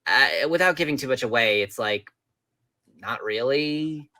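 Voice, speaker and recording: A young man from Long Island co-hosts a casual podcast chat. His voice is bright and edgy with a lively, varied pitch. He jokes drily and often stumbles and restarts mid-sentence. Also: measured pace. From Long Island, New York. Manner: joking, hesitant restarts, dry quips. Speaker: podcast co-host.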